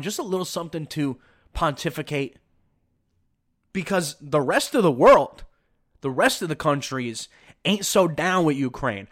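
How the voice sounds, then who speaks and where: A man hosting a podcast, delivering emphatic, sarcastic opinion commentary. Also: a little high. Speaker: podcast host.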